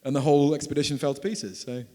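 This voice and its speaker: British man in his 30s, lively anecdote-teller at a live talk, reverberant hall. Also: medium pitch, quick pace. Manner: animated, laughing storyteller. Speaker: author and filmmaker. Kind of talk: storytelling at a book talk. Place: event hall.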